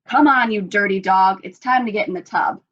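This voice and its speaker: A woman's voice: mid-range voice, brisk, fairly bright tone, lightly acted. A woman voicing a sly, hungry male wolf with oily, falsely sweet charm, in a dull lo-fi recording. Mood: sly menace.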